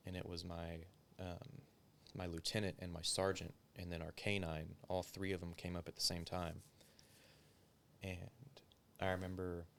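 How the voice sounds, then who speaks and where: With a low, bright-ish voice and vocal fry, a former police officer spins a story in a casual interview. He curses frequently and leans heavily on "like," and a faint hiss or hum is audible.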